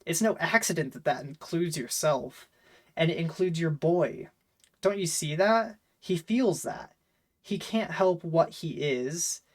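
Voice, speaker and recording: Chatty male talking head, quoted by a man, rough half-accent, voice a touch high. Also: unhurried. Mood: earnest.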